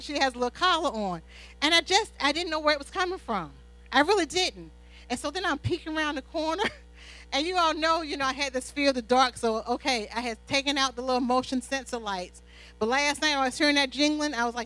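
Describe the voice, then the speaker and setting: Bright high-voiced woman preaching a sermon. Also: fast talker, poor audio. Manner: animated storytelling, call-and-response "Amen?". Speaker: pastor's wife preaching. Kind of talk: sermon with personal stories.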